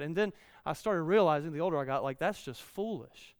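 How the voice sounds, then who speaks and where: A man's voice: on the high side, expressive, a little fast, no room sound, studio quality, long reverb tail. A man in his thirties preaching a conversational sermon, repeating key lines and rising in volume when he reads scripture.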